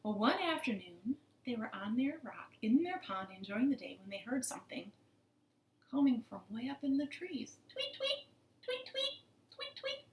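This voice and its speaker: A woman's voice: on the high side, moderate pace, roomy sound, slight background noise. A woman librarian reading a picture book aloud to children from her living room, playful and asking them questions. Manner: animated and playful, asks the kids questions.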